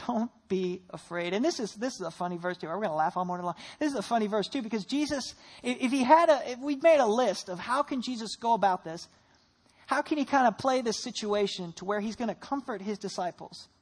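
A woman preacher giving a sermon, retelling scripture with animated storytelling and rhetorical questions. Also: medium pitch, fairly quick, husky.

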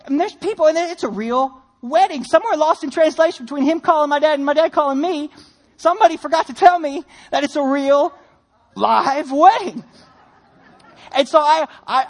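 A young man preaching a sermon, telling a personal story in an animated, self-deprecating way. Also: very high-pitched. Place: church sanctuary.

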